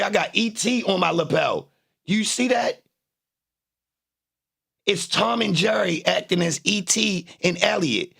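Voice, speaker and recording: Raspy, gravelly man streaming live. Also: high-pitched. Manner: animated, boastful, profane trash talk. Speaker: livestream host. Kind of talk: casual livestream commentary.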